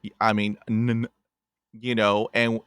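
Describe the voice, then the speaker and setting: A man's voice: lowish voice, measured pace, clear, resonant tone, dry recording. Guy with a stutter hosting a podcast, chatty storyteller, dry close sound. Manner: animated storyteller, often addresses the guest by name. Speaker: podcast host. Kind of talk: casual interview chat.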